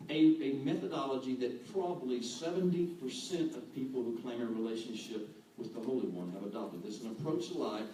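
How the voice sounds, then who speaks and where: Man, guest preacher, mellow voice, very echoey room, distant mic. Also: medium pitch, fairly quick, hardly any pauses, a little hiss or hum. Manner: animated, acts out quoted voices, chuckles. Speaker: guest speaker. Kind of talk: sermon. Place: church hall.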